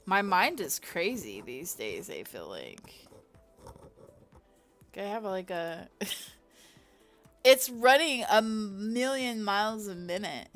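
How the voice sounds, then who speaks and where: A woman's voice: medium pitch, sing-song, slow pace, long pauses, fairly bright tone, soft background music. A woman in her thirties chatting on a livestream, rambling and profane with frequent laughter. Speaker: livestream host. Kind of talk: casual livestream chat.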